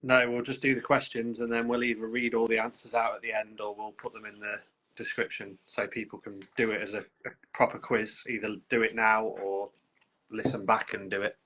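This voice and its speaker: A man's voice: fairly low pitch, little pitch movement, fairly quick, bright, forceful tone, low-quality recording. A man co-hosting a podcast in casual chat over a video call, easygoing as he explains plans. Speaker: podcast co-host.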